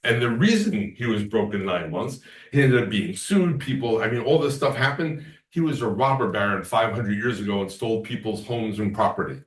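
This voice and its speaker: A man lectures a class in a low voice, rambling from story to story. He is picked up from across an echoey room. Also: expressive, moderate pace, hardly any pauses, far from the mic. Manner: rambling storyteller, acts out quoted talk.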